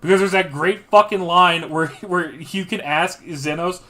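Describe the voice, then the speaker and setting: A young man with a bright, forceful and slightly high voice, chatting casually about a game. He tells the story in an excitable way and swears a lot. His talk is loose and unscripted. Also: a little slow. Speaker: streamer. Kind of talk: casual gaming chat.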